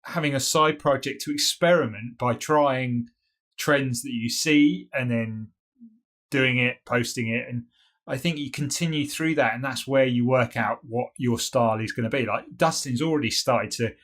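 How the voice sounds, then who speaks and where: A British podcast co-host from the UK gives thoughtful, hesitant answers in a casual chat, full of "you know" and restarts. His mid-range voice is a bit bright, and he speaks at a moderate pace.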